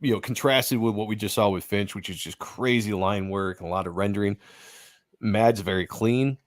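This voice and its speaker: A man's voice: fairly low pitch, moderate pace. A man hosting a casual livestream, talking enthusiastically about comic art and swearing now and then. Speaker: host.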